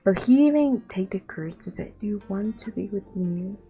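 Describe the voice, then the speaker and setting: A woman's voice: mid-range voice, animated, normal speed, dark tone, soft background music. A young woman with a Latin American accent, telling a rambling storytime in casual chat, repeating herself and acting out the people she quotes. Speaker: vlogger.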